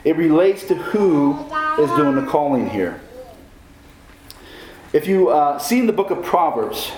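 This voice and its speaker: A man's voice: a little high, expressive, measured pace, echoey room, crowd noise, rough recording. A man preaching a sermon as pastor, putting questions to the congregation.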